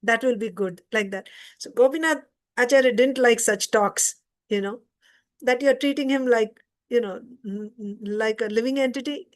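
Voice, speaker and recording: A woman's voice: a little high, moderate pace. A woman teaching an informal scripture class, retelling a story conversationally and stopping to explain.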